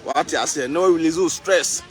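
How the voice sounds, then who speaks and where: A man's voice: fairly high pitch, fairly quick. A man with a Ghanaian accent chatting casually to the camera while out in a city park, repeating and stretching words. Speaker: vlogger. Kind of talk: casual outdoor vlog talk.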